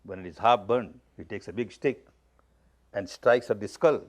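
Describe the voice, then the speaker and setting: A man's voice: lowish voice, normal speed, dull audio. A man from India, giving a spoken discourse as a spiritual teacher. He makes his points plainly and emphatically, and repeats key phrases as he tells stories.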